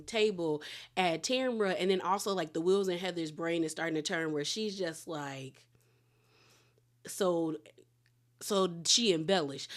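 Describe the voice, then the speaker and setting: Low-voiced woman recapping a reality show. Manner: brisk play-by-play with quoted dialogue. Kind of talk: casual episode recap.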